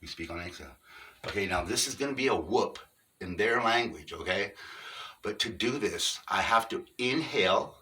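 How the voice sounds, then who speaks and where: Deep-voiced middle-aged man, earnest and halting. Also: lively intonation, pushed and bright, far from the mic. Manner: earnest, halting, explains step by step. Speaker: vlogger on Sasquatch encounters. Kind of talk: casual unscripted monologue.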